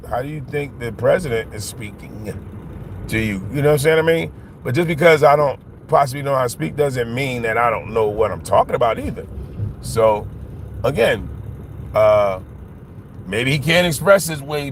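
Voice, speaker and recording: Rambling, emphatic man on a livestream. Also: medium pitch. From Philadelphia. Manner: rambling, emphatic, keeps asking "you know what I'm saying". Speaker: livestream host. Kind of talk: casual livestream monologue. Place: outdoors, walking home on a street. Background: faint traffic.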